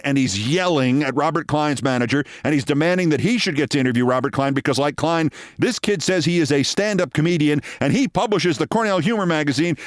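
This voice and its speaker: A male host tells a personal story, his pitch swinging widely as he acts out the voices of the people in it. The sound is dry and close. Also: no room sound. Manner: lively anecdote-telling, acting out quoted people. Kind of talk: storytelling monologue.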